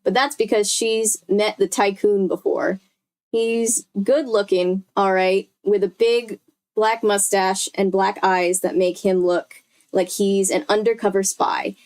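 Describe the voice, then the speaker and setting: A woman's voice: mid-range voice, steady tone, a little slow, a little mellow. A young woman reading a novel aloud on a live stream in a chatty way, stopping to correct herself and talk to her chat. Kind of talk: casual live read-aloud.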